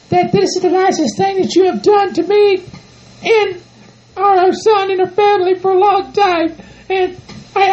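A sweet, gushing ranch wife with a very high, girlish voice, rambling on sentimentally, as a woman plays her on a comedy podcast. The audio is muffled and lo-fi. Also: darkish tone. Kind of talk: comedic role-play podcast. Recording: dull lo-fi home recording.

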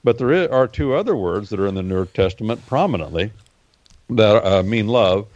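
A low-pitched man holds forth on a talk radio show, circling back to his points and filling gaps with "uh". His voice comes through dull and lo-fi, with a dry sound and no room echo. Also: expressive, normal speed, darkish tone. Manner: explanatory and repetitive, with many fillers. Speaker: regular Bible-history guest.

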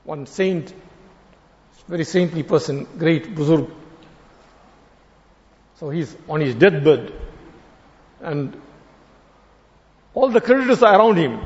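Animated preacher. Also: male voice, on the high side. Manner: animated, acts out voices in the story. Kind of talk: sermon with storytelling. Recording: long hall reverb, dull lo-fi sound.

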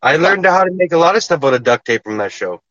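A man's voice: on the high side, very animated, fast, a bit bright, dry recording. A man in his thirties on a casual livestream, mostly giving short agreeing replies. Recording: dull lo-fi sound.

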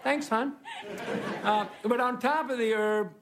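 Unhurried man rambling a stand-up monologue. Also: very high voice, background noise. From Texas. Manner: rambling, deadpan, self-mocking. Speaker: comedy show guest host. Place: stage before a live studio audience. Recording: roaring studio audience laughter.

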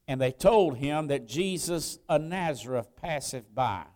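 High-pitched preacher guy, slow and clear, big hall echo behind him. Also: expressive, darkish tone. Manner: preaching with rising emphasis, drawn-out stresses. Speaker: pastor. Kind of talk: sermon. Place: church sanctuary.

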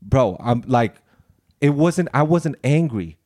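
A man defending himself in a podcast argument, halting and stammering as he tries to explain how he felt. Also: medium pitch, lively intonation, a little mellow. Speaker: podcast co-host.

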